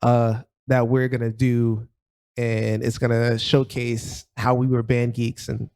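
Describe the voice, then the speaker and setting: A man talking as a podcast guest, loose and playful, with laughs slipping in between thoughts. His voice sits at an ordinary middle pitch. The talk is relaxed and conversational. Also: slow pace, vocal fry. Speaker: guest, DJ and producer. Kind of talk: casual podcast chat.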